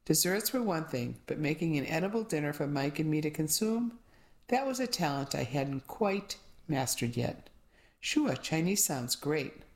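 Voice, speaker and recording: A woman reading a mystery short story aloud as an audiobook narrator, steady and clear. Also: low voice, normal speed. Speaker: audiobook reader.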